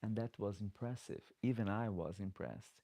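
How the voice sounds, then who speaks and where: A middle-aged man hosts a live Q&A as a drag performer, reading viewer comments and chatting loosely in slightly broken English with many restarts. His voice is lowish and dark at a moderate pace, captured on a desk microphone with no room sound.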